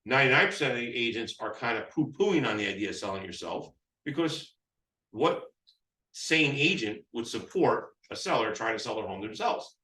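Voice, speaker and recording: A real estate sales trainer teaches agents phone scripts in a live session, rambling and restarting often as he plays both himself and the seller. His medium-pitched voice is expressive, pushed and bright, at a moderate pace. The room echoes and the mic sits at a distance.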